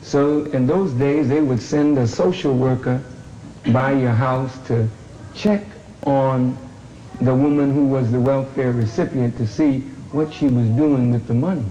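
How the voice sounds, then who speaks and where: An older man telling his grandchildren a family story in a deliberate way, pausing often with fillers. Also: mid-range voice, fairly even intonation, mellow. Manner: deliberate, with long pauses and fillers. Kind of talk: slow storytelling. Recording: dull, roomy recording with faint hum.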